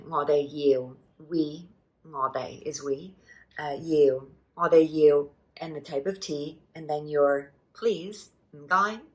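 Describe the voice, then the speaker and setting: Middle-aged woman teacher, low voice, patient and clear, repeats each word slowly. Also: low-quality recording. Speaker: language teacher. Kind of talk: relaxed spoken lesson.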